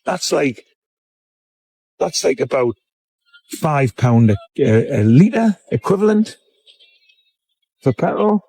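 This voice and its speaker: A man's voice: a little high, big pitch swings, slow, pauses often, dark tone, breathy edge, no room sound. A man ranting to camera at a car charging point in a blunt, indignant way. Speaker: vlogger. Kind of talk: casual rant to camera.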